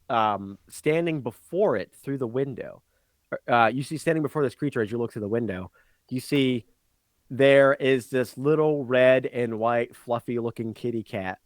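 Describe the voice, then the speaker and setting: A man's voice: mid-range voice, unhurried, dry recording. A man narrating a tabletop game as game master, rambling and giggly, full of ums and likes.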